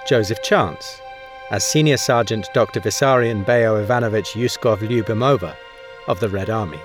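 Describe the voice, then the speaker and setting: A man's voice: fairly low pitch, moderate pace, over music. A man announcing the cast of a podcast in a formal, scripted way.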